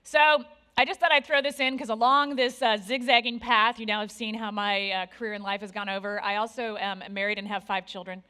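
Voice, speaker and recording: A woman in her forties speaks from a conference stage with a bright, clear tone. She talks candidly and pokes fun at herself. She tosses lively asides to the crowd at a mid-range pitch. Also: a little fast. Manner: candid, self-deprecating, lively with asides to the audience. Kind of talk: motivational conference talk. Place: conference stage before an audience.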